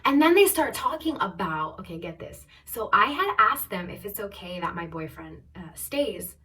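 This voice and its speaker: A young woman in her twenties telling a personal story on her vlog, animated and quick to act out what others said. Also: medium pitch, recorded from a distance. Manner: animated storytelling, quoting others in raised voices. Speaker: travel vlogger.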